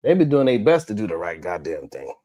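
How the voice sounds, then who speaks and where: A man's voice: lowish voice, sing-song, a little fast, dark tone. A man hosting a live stream, reading the chat and talking in a blunt, heated, profane way.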